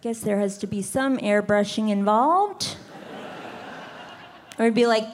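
A woman doing a stand-up set on a club stage with wry, deadpan asides, into a stage microphone. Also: mid-range voice, measured pace, long pauses. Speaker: stand-up comedian. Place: comedy club stage with live audience. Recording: live club recording with faint noise.

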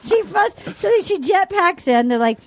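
A woman's voice: very high-pitched, sing-song, moderate pace, crowd noise. A woman hosting a comedy podcast, recapping a dating show in a dramatic way, acting out quotes and laughing often. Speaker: podcast host. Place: studio with guests in person.

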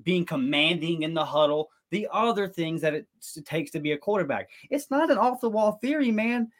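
A man co-hosting a sports talk show, making his case in an earnest, argumentative way with quick bursts of speech. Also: high voice, lively intonation. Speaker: podcast co-host.

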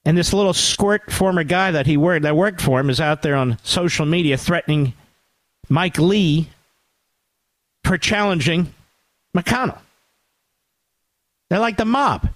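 A man hosting a talk radio show, delivering a sarcastic, animated political monologue with asides to his producer. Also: a little high, a little slow, long pauses, dry recording.

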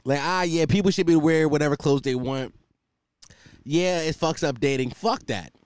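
A man's voice: on the high side, normal speed, clean tone, dry recording. A man hosting his own podcast, riffing in a joking, profane, rambling way from a hot room at home. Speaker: podcast host. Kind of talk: casual comedic monologue. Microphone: desk microphone.

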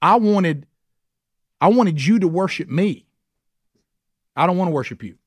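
A man's voice: sits high, expressive, a little slow, slightly rough, no echo, voice pushed up, exaggerated voice. A man putting on a furious, resentful devil.

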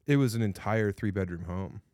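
A man co-hosting a comedy podcast, trading deadpan, profane quips. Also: lowish voice, fairly quick, no echo, clean studio sound. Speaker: podcast co-host. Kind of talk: casual comedic chat.

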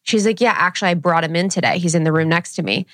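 A woman's voice: quick pace, a bit bright, dry recording, studio quality. Chatty young woman telling stories. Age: young adult. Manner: chatty storyteller, acts out quotes with rising pitch. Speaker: podcast co-host. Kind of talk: casual chat.

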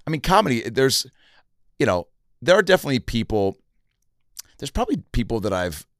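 A man's voice: mid-range voice, fairly quick, no room sound, clean studio sound. A man hosting a casual comedy podcast, telling stories with lots of fillers like "like" and "you know". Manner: filler-heavy, animated storytelling.

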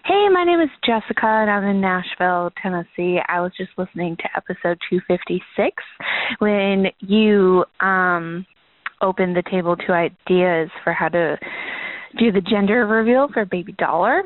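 A woman calling in to a podcast with a chatty, excited voicemail message. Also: medium pitch, normal speed, dry recording. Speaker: caller. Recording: phone line.

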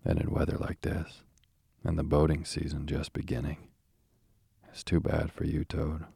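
A man's voice: very deep voice, completely flat delivery, vocal fry, dark tone, slightly rough, dry recording, clean studio sound, heavily acted. A man reading the part of a cheerful, practical water rat who talks heartily to his friend. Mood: hearty. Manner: hearty, brisk.

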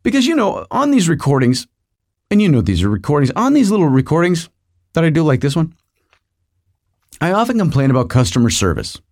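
A man's voice: fairly high pitch, huge pitch swings, fairly quick, pauses often, darkish tone. A middle-aged man hosting a podcast, telling a rambling comic story with digressions and asides to the listener. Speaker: podcast host.

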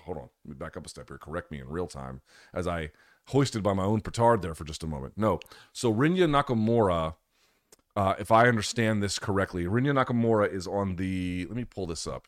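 A man with a very low, deep voice hosts a live podcast chat, talking through his picks in a loose, rambling way. He stops to correct himself often and swears without a second thought. The sound is close and dry, with no room around it. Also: animated, brisk, dry recording. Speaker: podcast host.

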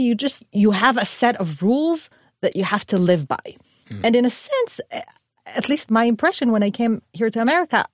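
A woman's voice: medium pitch, no echo. A woman from Israel co-hosts a podcast interview with a mid-range voice. She muses aloud and weighs her ideas as she speaks. The sound is dry and close. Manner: thoughtful, musing. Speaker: podcast co-host.

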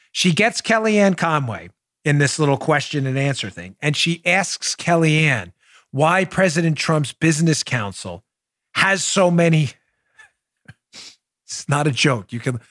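A man hosting a political commentary show, animated and sarcastic with wisecracks. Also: on the high side, dry recording, studio quality. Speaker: host.

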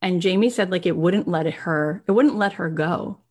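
A middle-aged woman with a fairly low voice tells an inspiring story. She speaks earnestly and slips into the other people's voices as she tells it. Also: normal speed, a little mellow. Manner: earnest, acts out quoted voices. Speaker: motivational speaker. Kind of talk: motivational storytelling.

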